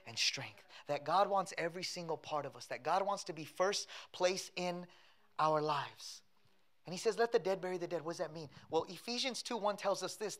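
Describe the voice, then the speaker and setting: A man's voice: high-pitched, fairly bright tone. A man preaching a sermon as pastor, building with repeated phrases. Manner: preaching with rising intensity and repetition.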